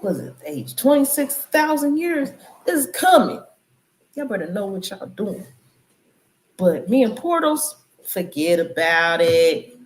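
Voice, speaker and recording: A woman's voice: high-pitched, very animated, measured pace, pauses often, darkish tone. Woman preaching casually in an echoey room. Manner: loose, conversational, preachy riffs. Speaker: channel host. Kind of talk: casual spiritual commentary.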